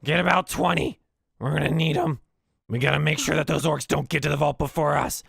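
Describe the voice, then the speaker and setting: A man's voice: mid-range voice, big pitch swings, slow, gravelly, slightly rough, no echo, studio quality, pitched above the performer's own voice, heavily acted. A man voicing a cruel, greedy male goblin boss who snarls threats and barks orders. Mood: commanding. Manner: snarling threats, loud and commanding.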